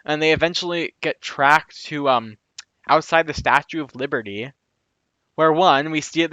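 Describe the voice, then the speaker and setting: A man's voice: a little high, pushed and bright, no echo. Man, casual review monologue, opinionated, chatty asides, muffled lo-fi audio. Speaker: video reviewer.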